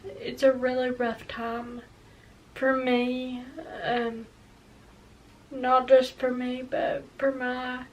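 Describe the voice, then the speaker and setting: A woman's voice: high-pitched, monotone, very slow, distant mic, muffled recording. A young woman in her early twenties talking hesitantly and emotionally in a personal confessional vlog. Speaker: vlogger.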